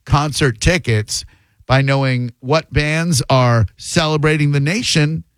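A man's voice: fairly high pitch, clean tone, dry recording. Joking male radio host, dry studio sound. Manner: joking, quick banter with callers. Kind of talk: casual call-in radio chat. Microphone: studio microphone.

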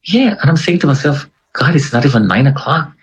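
A man's voice: medium pitch, fast, rough recording. A man, an interview guest, retelling a personal story in a conversational way and acting out the voices of people he quotes.

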